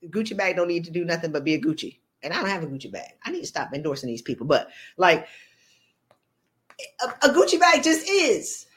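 In a fairly low, brisk voice, a woman preaches motivation during a live-streamed talk. She's animated and funny, often acting out mini scenes of conversation to make her points.

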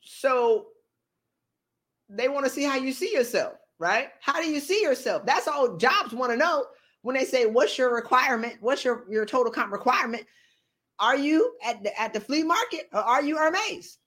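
A woman's voice: sits high, normal speed. A woman giving a motivational talk, preachy and joking, acting out little scenes of dialogue as she speaks. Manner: animated, preachy, jokes and acts out dialogue. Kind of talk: motivational talk with acted-out asides. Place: streamed live talk.

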